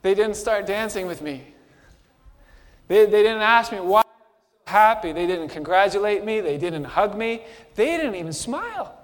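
A man with a high, ringing voice delivers an impassioned first-person sermon, dropping to a hush and then rising to a shout. His voice trails off into the long reverb of a big hall. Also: animated, normal speed. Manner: impassioned storyteller, swings from hushed to shouting. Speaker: preacher.

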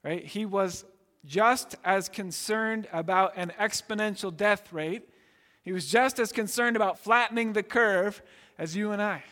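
A man's voice: sits high, a little slow, sharp tone. A man preaching a sermon earnestly, often checking in with "right?" and repeating words as he explains. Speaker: pastor. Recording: long reverb in a large hall.

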